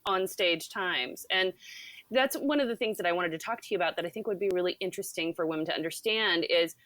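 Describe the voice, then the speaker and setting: Bubbly low-voiced woman podcast host. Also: fast, fairly bright tone, no echo. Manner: bubbly, laughs often. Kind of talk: casual podcast conversation.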